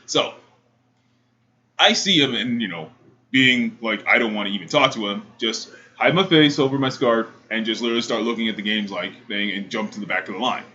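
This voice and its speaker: Pria bercerita dengan suara cerah. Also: male voice, fairly low pitch, fairly quick. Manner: animated, mimics people in quoted voices. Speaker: podcast co-host. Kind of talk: casual storytelling chat. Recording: dull lo-fi audio with faint hiss.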